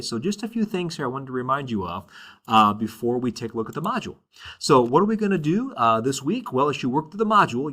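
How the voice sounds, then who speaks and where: A man's voice: medium pitch, fairly bright tone. A man teaching a Spanish class in a recorded introduction, upbeat, with many "uh"s and "all right?" checks.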